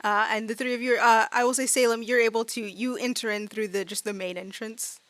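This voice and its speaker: A woman narrating as game master, chatting loosely with lots of fillers and acting out quick bits of her characters. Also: a little high, steady tone, a bit bright, dry recording. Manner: chatty, many fillers, acts out side characters.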